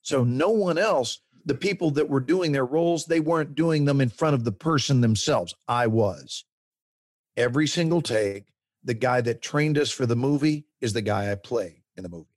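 A middle-aged man, a working actor and interview guest, tells animated stories and acts out quotes and gestures as he talks. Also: mid-range voice, normal speed, no room sound, clean studio sound.

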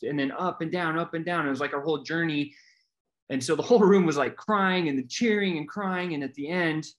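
A man's voice: fairly high pitch, fairly bright tone. A man talking as a podcast guest, telling his story candidly and earnestly, often restarting and repeating words.

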